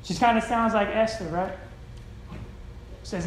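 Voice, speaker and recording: A preacher giving a sermon to a congregation in a church hall, talking in a conversational style with casual slang and swinging between loud and soft. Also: medium pitch, a little slow, slight background noise. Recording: roomy hall echo.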